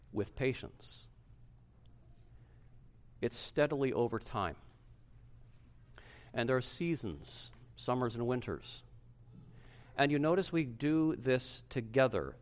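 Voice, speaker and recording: A middle-aged male pastor preaching a sermon to his church, swinging from loud emphasis to hushed softness. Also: fairly low pitch, normal speed, long pauses.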